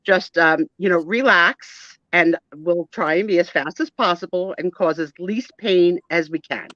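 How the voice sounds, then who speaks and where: A woman's voice: on the low side, measured pace, fairly bright tone, no room sound. A woman voicing a formal, prim male doctor doll who speaks in a reassuring but pedantic way. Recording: dull lo-fi dry sound.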